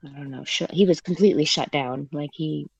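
A woman in her thirties calling in to a show, telling her story in a hesitant, halting way with many fillers. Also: deep voice, vocal fry, crowd noise. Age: 30s. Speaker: caller. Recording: dull phone-line caller audio.

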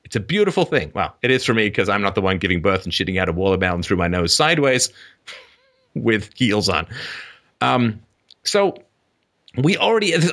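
Emphatic ranting man with lively, bright pitch. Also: moderate pace, long pauses. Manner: emphatic, sarcastic, ranting with laughs and mock voices. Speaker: host. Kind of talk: call-in show monologue.

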